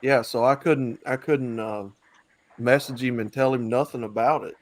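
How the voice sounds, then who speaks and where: A man's voice: mid-range voice, steady tone, normal speed. A man hosting an online talk stream, chatting casually in a loose, rambling way with many fillers. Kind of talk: casual chat.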